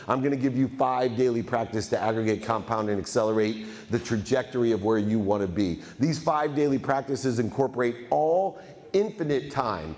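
A man giving a motivational keynote speech, energetic and emphatic, often repeating phrases for effect. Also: mid-range voice. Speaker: motivational speaker. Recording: reverberant hall.

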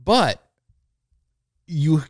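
Excitable male podcast co-host, lively pitch. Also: very slow. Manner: hyped, excitable, profane. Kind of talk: casual chat.

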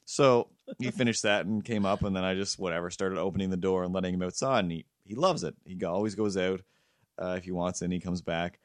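A man's voice: deep voice, brisk, no room sound, clean studio sound. A man hosting a podcast, telling a rambling, profane story in casual chat. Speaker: podcast host.

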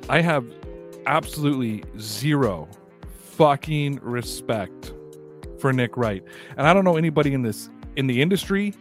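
A man's voice: medium pitch, animated, normal speed. A man hosting a sports podcast who rants hard and swears constantly, leaning on every word as he gets worked up. His voice sits in an ordinary middle range, and faint music plays underneath. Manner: profane, heated, emphatic ranting. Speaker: podcast host. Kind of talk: casual sports podcast rant.

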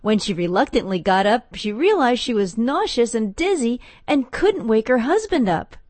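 A woman's voice: a little high, expressive, moderate pace, darkish tone, dry recording. A woman reporter reading a scripted story for radio. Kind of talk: scripted news narration.

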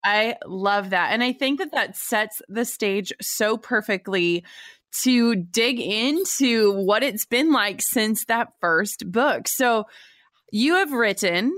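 A woman in her twenties hosting an interview podcast, encouraging and quick to laugh along. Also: medium pitch, lively intonation, fairly bright tone, dry recording, clean studio sound. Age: 20s. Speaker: podcast host.

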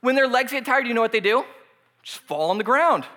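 A man's voice: very high voice, animated, a little fast, pushed and bright. A man in his thirties preaching a casual, humorous sermon, joking at his own expense and laughing often between points. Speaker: pastor.

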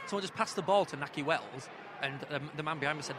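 A man's voice: fairly high pitch, quick pace, loud music behind the voice. A young man bantering through a live match from the stands, teasing and dryly sarcastic. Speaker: football fan vlogger. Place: football stadium stands, outdoors. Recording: noisy outdoor stadium.

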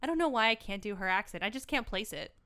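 A woman's voice: mid-range voice, expressive, fast talker, pushed and bright, clean tone. A woman co-hosting a casual film podcast, recapping the plot in a chatty way with lots of asides. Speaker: podcast co-host.

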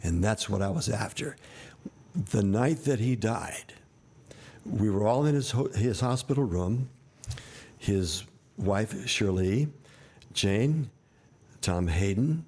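Husky-voiced man in his seventies. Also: lowish voice, expressive, slow pace, long pauses, darkish tone. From United States. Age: 70s. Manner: rambling, vivid storyteller with wry asides. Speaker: guest, actor and director. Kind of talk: candid storytelling interview.

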